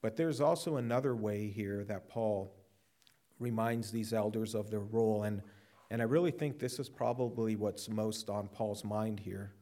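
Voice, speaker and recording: Man, pastor, sermon, earnest, repeats words for emphasis, lowish voice. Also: normal speed, mellow.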